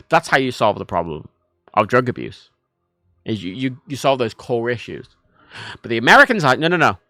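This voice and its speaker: A man from Ireland plays a game on stream, his Irish-accented chatter loose, lively, meandering, and full of swearing. He has a lowish voice, and the recording is clean studio sound without echo.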